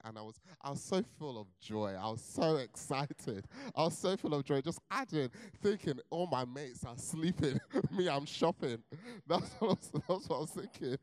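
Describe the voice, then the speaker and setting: A young man preaching, telling a personal story in an animated way with laughter and then turning earnest. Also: medium pitch, fairly quick, hardly any pauses, clean tone. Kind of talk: sermon with personal testimony.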